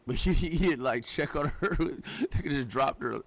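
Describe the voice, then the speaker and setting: A man's voice: medium pitch, moderate pace, no room sound. A man hosting a casual reaction chat, incredulous and slangy, often laughing in disbelief. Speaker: podcast host reacting to clips.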